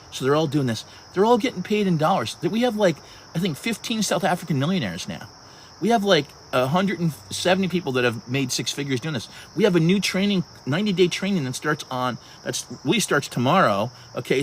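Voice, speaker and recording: A man's voice: fairly high pitch, fairly bright tone, a little hiss or hum. A man in his early sixties hosting a casual livestream outdoors, chatting with viewers and greeting them by name, with frequent restarts. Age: 60s. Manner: talkative, restarts, addresses viewers by handle. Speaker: livestream host. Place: outdoors at sunset.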